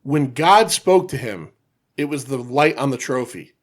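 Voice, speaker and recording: A man co-hosting a casual movie podcast, animated and swearing as he retells scenes. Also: medium pitch, unhurried. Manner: animated, swears often, laughs a lot. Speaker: podcast co-host.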